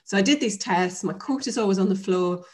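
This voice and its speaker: A woman in her fifties, a guest telling her story in a relaxed interview, animated and full of fillers. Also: mid-range voice, fairly quick. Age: 50s. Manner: chatty, animated retelling with filler words.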